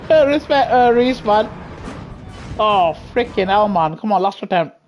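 A man streaming a racing game, talking casually to his chat, reacting loudly to the race and joking with viewers in slang. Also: high-pitched, lively intonation, unhurried, highs cut off, faint music behind. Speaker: live-streaming sim racing gamer. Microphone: gaming headset.

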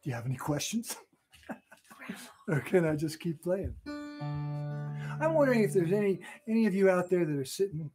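A man's voice: high voice, sing-song, normal speed, long pauses. An older man, a grandfather, chatting playfully with children between songs at a family concert. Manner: chatty, playful, talks to kids at home. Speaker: children's entertainer. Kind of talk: family concert talk and song. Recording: guitar playing behind.

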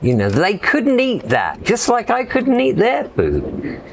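A man's voice: very high-pitched, wildly swooping pitch, slow pace, creaky, a little hiss or hum. A middle-aged man from England telling stories in a casual, rambling way as an interview guest, dropping "you know" often. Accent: English. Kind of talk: casual storytelling.

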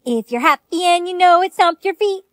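A synthetic text-to-speech woman's voice playing a teenage girl who chants the rules of a deadly game in a flat sing-song. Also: extremely high pitch, moderate pace, no echo, clean studio sound. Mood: chanting.

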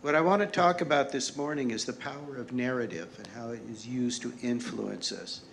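Guy speaking at a church service, gravelly low-key voice, quiet and reflective. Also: fairly quick, a little hiss or hum. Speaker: lay speaker. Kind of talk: sermon with readings.

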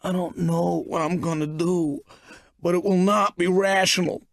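A man's voice: high voice, steady tone, a little slow, vocal fry, voice pushed up. A man reading an audiobook voices a distraught, hysterical man who talks in a choked, sobbing, menacing way.

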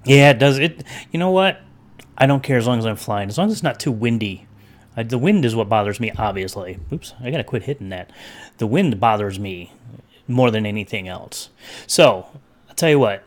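A man's voice: mid-range voice, expressive, normal speed. A man hosting a casual livestream over his webcam, rambling between topics and greeting chat viewers by name. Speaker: livestream host.

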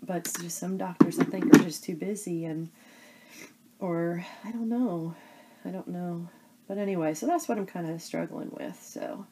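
A woman chatting casually to camera as a crafting vlogger, rambling and halting with many fillers. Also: on the low side, noisy background.

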